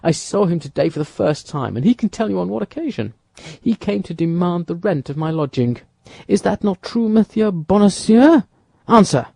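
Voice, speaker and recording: A shrewd young musketeer gives brisk orders, read by a man. His voice is lively and husky, with a mellow tone. It sounds dry and close to the mic. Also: sits high, dry recording, voice pushed up, exaggerated voice.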